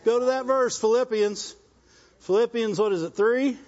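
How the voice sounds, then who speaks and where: High-voiced rural Southern preacher. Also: male voice, moderate pace, a little mellow. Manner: exhorting, repetitive, asks the congregation "Amen?". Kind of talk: sermon. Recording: dull lo-fi recording.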